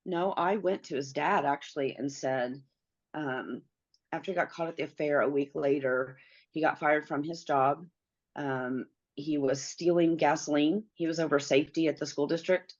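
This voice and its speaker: A woman's voice: low voice, moderate pace, highs cut off. A middle-aged woman, a guest in an interview, earnestly telling a personal story and acting out the dialogue she quotes.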